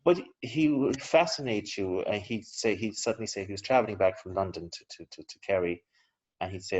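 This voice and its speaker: Man, low voice, historian guest, rambling anecdotal delivery, dull lo-fi audio. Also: brisk. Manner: discursive, anecdotal, chuckles between points. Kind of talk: relaxed conversational interview. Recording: slightly dull lo-fi recording.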